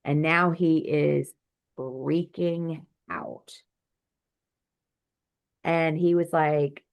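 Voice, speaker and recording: A woman, a doctor and healer, telling her story in an interview over a video call, vivid and animated, acting out the quotes. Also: low-pitched, extremely slow, vocal fry, pauses often, lo-fi sound.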